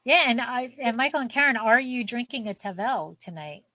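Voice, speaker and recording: A woman co-host chats easily over a video call. Her voice sits a little high, and the line is dull and dry. She talks in a relaxed, friendly way. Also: brisk, dry recording. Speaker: co-host of a wine show. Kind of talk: casual chat on a video call.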